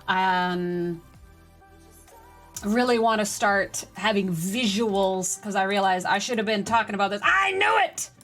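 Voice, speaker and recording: A woman live-streaming a game, chatting with her viewers and getting excitable during play. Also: mid-range voice, unhurried, faint music behind. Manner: chatty, excitable, talks to chat. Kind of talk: live-stream gaming chat.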